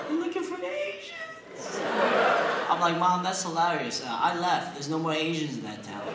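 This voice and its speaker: A man in young adulthood doing a brash stand-up comedy set with deadpan punchlines, on a large theater stage. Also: a little high, heavy background noise. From Pennsylvania, USA. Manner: brash, deadpan punchlines, shouts in put-on quotes. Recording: echoey theater taped from far off, loud crowd laughter.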